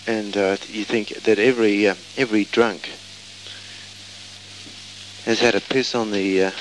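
A man's voice: lowish voice, fairly bright tone, slight background noise, poor audio. A man telling a casual, meandering travel anecdote. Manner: rambling, meandering storytelling.

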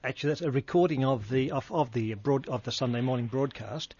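A man's voice: medium pitch, a little fast, darkish tone, highs cut off, slight background noise. Dry-spoken male radio host. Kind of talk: casual chat.

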